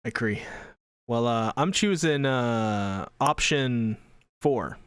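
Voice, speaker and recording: A man's voice: mid-range voice, lively intonation, slow pace, fairly bright tone, clean tone, dry recording, studio quality. A man hosting a weekly anime podcast, teasing his co-hosts in playful casual chat. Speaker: podcast host.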